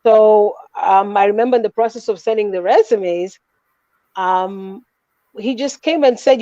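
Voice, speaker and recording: A woman, a guest on a video call who tells a personal story in a lively, emphatic way. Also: medium pitch, a little slow, no echo, dull audio. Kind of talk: casual chat telling a personal story.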